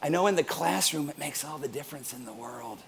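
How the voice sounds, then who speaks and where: A man's voice: on the high side, animated, a little fast, gravelly. A middle-aged man preaching a sermon as pastor, playful and joking between points.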